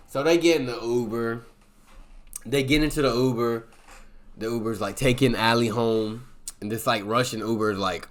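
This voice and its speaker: A man with a fairly low voice talks through a film's plot in a loose, rambling way. He keeps dropping filler words as he goes, and the whole recap is offhand and casual. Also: normal speed, fairly bright tone. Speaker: movie reviewer.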